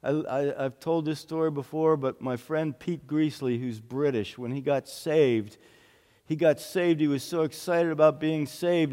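A man's voice: on the high side, darkish tone, clean tone. A male pastor giving an earnest sermon, often repeating phrases for emphasis. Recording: long hall reverb.

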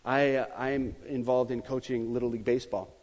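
A man in his thirties preaching a sermon in a church, joking and emphatic, his voice rising sharply when excited. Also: mid-range voice, a little fast. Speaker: pastor. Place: church sanctuary. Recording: dull sound with long hall reverb.

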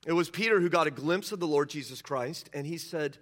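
A man delivers a sermon in a bright, forceful voice that sits a little high for a man. He tells the scripture story with emphatic energy and slips into the characters' words as he preaches. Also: a little fast, hardly any pauses. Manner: emphatic, animated retelling that acts out quotes. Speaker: pastor.

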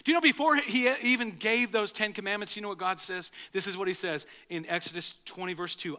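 Bright-voiced pastor, halting and earnest. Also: male voice. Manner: conversational, halting with repeated restarts; drops to a low, slow voice for emphasis. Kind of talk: sermon. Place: church sanctuary.

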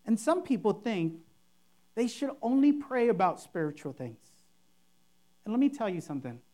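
A woman's voice: mid-range voice, sing-song, moderate pace, warm tone. A woman pastor preaching a sermon, emphatic and repetitive, acting out showy and simple prayers to make her point. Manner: emphatic, repeats key phrases, mimics overblown prayers.

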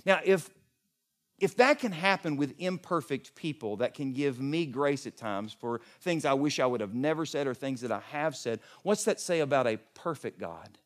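A middle-aged man preaching a sermon as pastor, swinging from loud emphatic peaks to soft hushed lines. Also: medium pitch, lively intonation, moderate pace.

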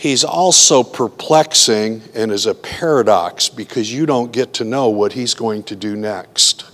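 A man's voice: fairly low pitch, unhurried, fairly bright tone. A man preaching in a conversational way, telling personal stories and acting out his own worried thoughts in quotes. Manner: earnest, acts out his own inner voice in quotes. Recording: long reverb of a hall.

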